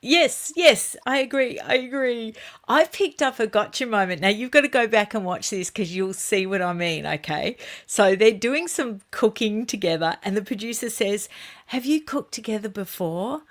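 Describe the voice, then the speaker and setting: A woman's voice: medium pitch, lively intonation, moderate pace. A woman co-hosting a casual chat show, chatty and exasperated, reading out viewer comments. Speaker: co-host.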